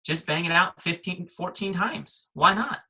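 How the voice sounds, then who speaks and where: Bright, husky, upbeat middle-aged man. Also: high-pitched, a little slow, low-quality recording. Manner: upbeat, punchy, checks in with listeners. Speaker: guest trainer. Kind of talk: software walkthrough on a team call.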